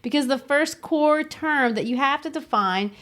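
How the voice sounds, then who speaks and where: A woman with a fairly high voice co-hosts a literature podcast. She is a teacher and talks in an upbeat, chatty way, laughing easily. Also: normal speed, fairly bright tone. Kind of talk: casual literary discussion.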